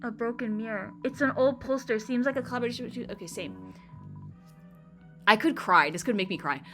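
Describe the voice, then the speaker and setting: A young woman with a fairly high voice gushes, swears and laughs while she plays a game on stream. She talks into a desk mic, with faint game music running under her voice. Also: fairly quick. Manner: excitable, swearing, laughing, gushing. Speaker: gaming streamer. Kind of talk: excited casual let's-play commentary.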